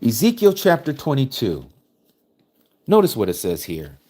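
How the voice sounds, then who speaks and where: A man preaching a sermon, reading scripture aloud and explaining it with forceful rhetorical questions. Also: mid-range voice, wildly swooping pitch, normal speed.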